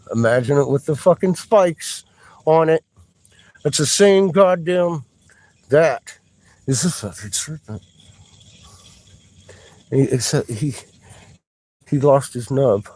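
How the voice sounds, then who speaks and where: Excitable, swearing man with a mellow voice. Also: medium pitch, poor audio. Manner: profane, rambling, bursts of excitement. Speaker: amateur researcher vlogging a dig. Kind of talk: excited off-the-cuff commentary. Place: outdoors, down in a dug sand pit.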